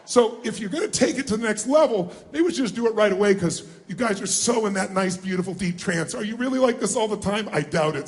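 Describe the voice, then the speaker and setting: High-pitched man pumping up a crowd. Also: echoey room. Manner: energetic, calls out questions and prompts the crowd to answer. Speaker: motivational speaker. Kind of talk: live seminar talk to an audience. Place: large room with a live audience.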